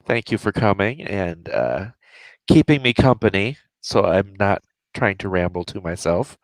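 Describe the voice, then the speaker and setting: A man hosting a casual livestream chat as author and editor, laughing often and filling pauses with "uh". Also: on the low side, animated, no echo. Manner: laughs often, many fillers.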